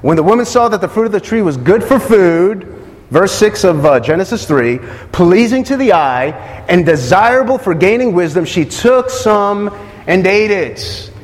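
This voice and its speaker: Preaching a sermon, a high-voiced man poses questions to the congregation and repeats his key phrases. His intonation is lively and his pace moderate, and his voice rings through a hall with a long echo.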